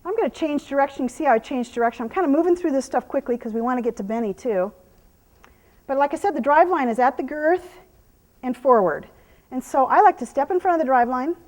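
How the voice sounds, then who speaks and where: A woman horse trainer explaining a hands-on demonstration, often dropping to soft murmurs of praise for the horse. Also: high-pitched, animated, a little fast.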